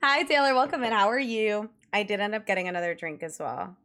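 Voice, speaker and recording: On a casual stream, this young woman's fast, medium-pitched, somewhat bright voice carries a rambling story packed with giggles and fillers as she chats with viewers.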